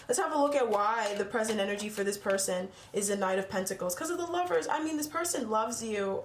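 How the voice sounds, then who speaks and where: A woman's voice: on the high side, roomy sound, slight background noise. A woman doing a casual tarot reading for her channel, talking bluntly and swearing freely as she gets heated. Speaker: tarot reader.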